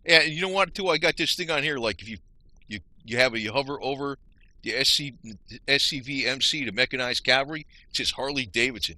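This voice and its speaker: A man's voice: mid-range voice, fairly quick, sharp tone, no echo. A man rambling frustratedly to his viewers, explaining things on his screen. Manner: rambling, frustrated, talks to viewers as "you guys". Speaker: vlogger. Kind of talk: rambling screen-share rant.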